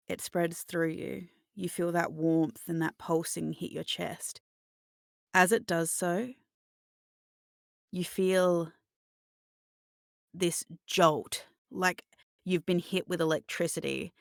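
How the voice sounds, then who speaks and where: A woman narrating a tabletop game as game master in an immersive second-person style, pausing and restarting as she searches for words. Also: on the low side, vocal fry, no echo, clean studio sound.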